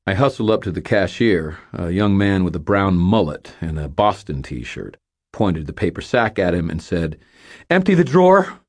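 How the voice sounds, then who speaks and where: A man's voice: low voice, moderate pace. A man narrating a first-person story in audiobook style, with dry, wry humor.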